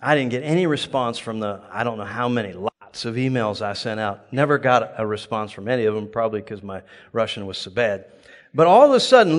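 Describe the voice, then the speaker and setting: A man preaching a sermon, telling a personal story with lively bursts of loud exclamation and laughter before a congregation. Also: mid-range voice. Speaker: pastor. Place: large church hall before a live congregation. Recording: long reverb of a large hall.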